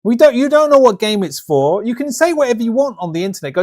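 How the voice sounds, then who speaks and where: A man's voice: very high-pitched, big pitch swings, quick pace, few pauses, a little mellow. A man hosting a live stream, rambling and ranting about a game trailer in casual reaction commentary. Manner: rambling, ranty, lots of restarts and fillers.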